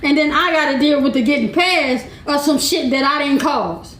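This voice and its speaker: A very high-pitched woman talks bluntly and with emphasis, laughing between points. Her voice rings through an echoey room in this casual chat. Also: normal speed, a bit bright. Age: 50s. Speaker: podcast co-host.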